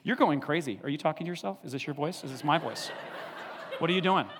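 A man voicing a taunting male spirit that accuses and mocks the listener in a rapid-fire needling way, heard in a hall with long reverb. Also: on the high side, background noise, lightly acted.

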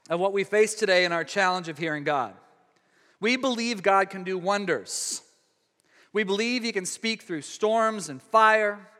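A man preaching a sermon in a conversational way, stumbling over restarts and dropping to a hush for emphasis. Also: high-pitched. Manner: conversational preaching with frequent restarts, dramatic hushed drops. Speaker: pastor. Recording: long hall reverb.

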